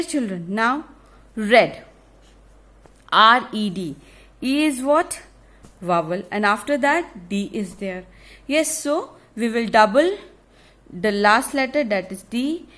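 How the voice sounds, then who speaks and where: A woman teacher giving a grammar lesson to children, explaining slowly, repeating herself and often asking if it is clear. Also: medium pitch, very animated, a bit bright. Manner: slow, repetitive explaining with frequent check questions.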